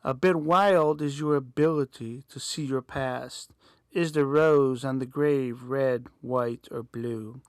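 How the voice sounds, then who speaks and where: A man voicing a sinister male spirit speaking over a staticky phone line, low and menacing. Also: steady tone, slow pace, dry recording, studio quality.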